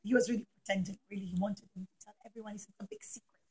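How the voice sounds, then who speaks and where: A woman telling a story to young children in a classroom, animated, acting out the characters with gasps and whispers. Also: medium pitch, rapid-fire, husky, rough recording.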